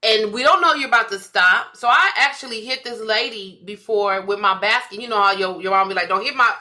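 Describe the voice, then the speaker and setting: A woman's voice: mid-range voice, a little fast. A woman co-hosting a podcast, telling stories in a casual chat, laughing often and acting out what people said. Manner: animated storytelling, laughs often, acts out quotes. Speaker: podcast co-host, comedian.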